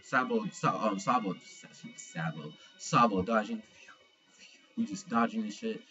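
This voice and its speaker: A man's voice: lowish voice, a little slow, sharp tone, dull audio, faint music behind. A young man giving a casual manga chapter review, slangy and profane, retelling scenes with animation.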